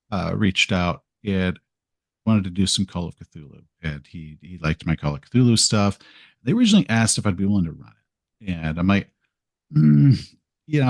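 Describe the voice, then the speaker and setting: A man chats as a podcast guest, low and a little husky in tone. He rambles, makes fun of himself and acts out his own remarks. The sound is dry and close. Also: dry recording. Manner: rambling, self-deprecating, acts out quotes. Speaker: podcast guest, game video creator. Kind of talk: casual interview storytelling.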